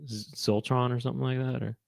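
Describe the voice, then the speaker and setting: A man's voice: flat delivery, fast, gravelly, no echo, clean studio sound. A middle-aged man co-hosting a casual comedic chat, rambling and breaking into impressions. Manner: rambling, launches into loud high-pitched impressions. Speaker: co-host.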